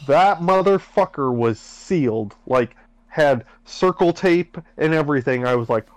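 A man's voice: fairly high pitch, lively intonation, unhurried, dry recording. A man co-hosting a podcast while sick, his voice nasal and congested, ranting animatedly through casual chat with heavy swearing. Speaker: podcast co-host.

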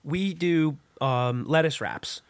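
A man's voice: a little high, slow, clear, resonant tone, no room sound. A young man co-hosting a podcast, chatting casually about recipes and rambling through fillers and laughs. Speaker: podcast co-host. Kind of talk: casual chat.

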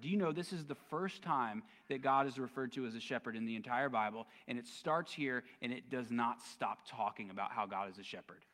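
A man's voice: medium pitch, a bit bright, in a large hall. A man preaching a sermon as pastor, conversational and casual, with plenty of slang. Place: church sanctuary.

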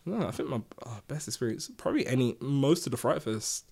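A man, a podcast co-host, telling a story in casual chat, animated and swearing freely. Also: mid-range voice, a little fast, gravelly, breathy edge.

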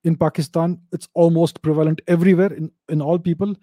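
A man talks in a casual, opinionated commentary, often stumbling and repeating words. His voice sits slightly high yet sounds mellow and dark. The recording is close and dry. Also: level tone, fairly quick, dry recording. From India.

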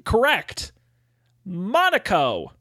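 A man's voice: high-pitched, huge pitch swings, drawn-out words, sharp tone, no room sound. A man running a tabletop game as game master, chatty and full of "uh" fillers.

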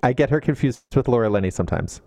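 A woman's voice: rumbling low, expressive, fast, dark tone, dry recording. A woman co-hosting a podcast in casual chat, trading playful banter and dry jokes. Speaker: podcast co-host.

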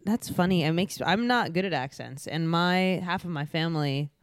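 A woman's voice: fairly low pitch, moderate pace, no room sound. A woman in casual conversation, rambling and self-deprecating with lots of fillers. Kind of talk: casual chat.

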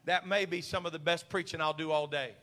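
A man preaching a sermon as pastor, building to loud shouted passages and mimicking worried church members. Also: a little high, steady tone, fairly quick. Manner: preaching with rising intensity and crowd call-and-response.

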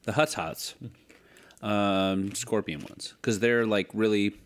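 A man's voice: lowish voice, fairly even intonation, slow pace, clear, resonant tone. A man co-hosting a casual chat, loose and rambling, with crude asides. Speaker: podcast co-host.

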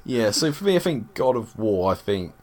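A man's voice: on the low side, sing-song, normal speed, a little mellow. Playful man hosting a podcast. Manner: enthusiastic, playful. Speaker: podcast host. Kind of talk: casual chat.

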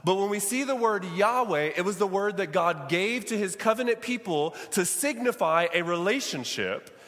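A man's voice: sits high, expressive, normal speed, fairly bright tone, long reverb tail. A man preaching a sermon as pastor, calling on his congregation to repeat lines after him. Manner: preaching with call-and-response to the congregation.

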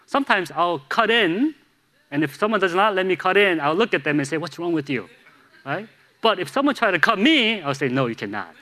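A man's voice: high voice, lively intonation, fairly quick, sharp tone. A man from Chicago preaching a sermon as a pastor, telling candid, self-deprecating stories with humor. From Chicago, USA.

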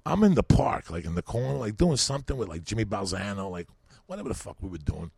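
A man's voice: fairly low pitch, fast, vocal fry, husky, no room sound, clean studio sound. A man telling rambling, profane stories as a comedian guest on a podcast. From New York. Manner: animated, swearing, rambling.

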